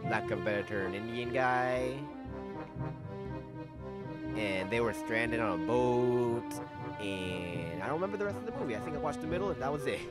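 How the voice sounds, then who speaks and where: A man's voice: medium pitch, animated, normal speed, pauses often. A man reading a visual novel aloud and commenting as he plays, self-mocking and often restarting lines. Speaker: let's play host. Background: game music.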